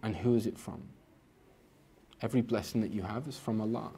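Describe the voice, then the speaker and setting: A man with a fairly low voice teaching in a relaxed, conversational way. He often stumbles over and repeats the first word of a phrase, and now and then jumps up in pitch to act out an inner voice. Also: a little fast, vocal fry, slightly rough. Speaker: Islamic teacher. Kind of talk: informal spiritual lecture.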